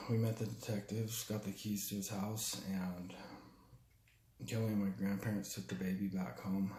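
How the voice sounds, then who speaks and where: A young man telling a personal story in a halting, raw way, full of restarts and swearing. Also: low voice, warm tone, echoey room. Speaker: storyteller recounting his father's death. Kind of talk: personal spoken testimony.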